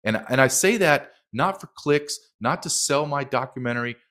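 A man's voice: medium pitch, expressive, normal speed, fairly bright tone. A middle-aged man speaking as a documentary filmmaker guest in a heated interview, emphatic and impassioned, acting out quotes.

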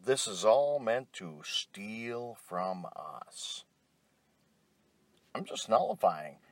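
A man's voice: fairly low pitch, very animated, very slow, no echo. A middle-aged man delivering an angry, profane rant, blunt and tired. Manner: angry, blunt, heavy swearing.

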